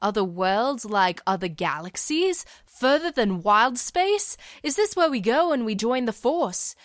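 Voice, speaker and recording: A woman's voice: fairly high pitch, very animated, measured pace, no room sound, clean studio sound. A woman voicing an exasperated, curious male Jedi hermit, asking incredulous questions in a storytelling reading. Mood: questioning.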